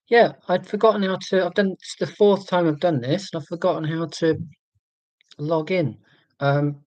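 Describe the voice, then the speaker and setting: A man's voice: on the high side, a little mellow, no echo, low-quality recording. Chatty Scottish man on a live stream. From Scotland. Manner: rambling, self-deprecating, reads out viewer comments. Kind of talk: casual live-stream chat. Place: at home.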